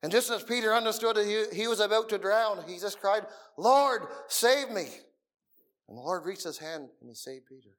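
A middle-aged man preaching a sermon in a meeting room, earnest, dropping to soft murmurs and rising again for emphasis. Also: high voice, fast talker, hardly any pauses.

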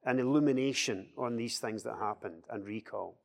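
A man leading a Bible study discussion, explaining scripture with lively acted-out quotes. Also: mid-range voice, moderate pace, gravelly, long reverb tail. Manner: animated, acts out quoted speech in a raised voice.

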